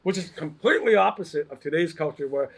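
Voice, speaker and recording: Martial arts teacher telling a story, lively, acts out everyone, slightly high and husky voice. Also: male voice, quick pace. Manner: animated storyteller who acts out the people in his story and laughs often. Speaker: martial arts instructor, guest. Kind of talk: casual storytelling chat.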